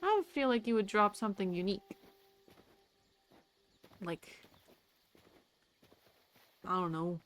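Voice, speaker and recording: A woman's voice: medium pitch, animated, slow, pauses often. A young woman streaming a game, chatting casually to herself and to the creatures she meets. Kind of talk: casual gameplay commentary.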